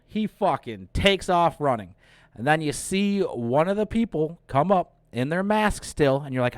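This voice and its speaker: Excitable man retelling a movie. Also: on the high side, moderate pace, dry recording, clean studio sound. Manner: excited, profane retelling with acted-out quotes. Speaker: host. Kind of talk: casual movie review.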